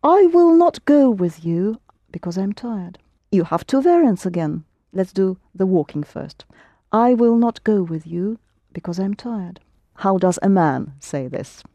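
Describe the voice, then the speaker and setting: A woman teaching a lesson, patiently prompting students and correcting them, slowing down to model phrases. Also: medium pitch, expressive, warm tone, no echo. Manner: patient, prompting and correcting, slows for Russian words. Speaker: Russian language teacher.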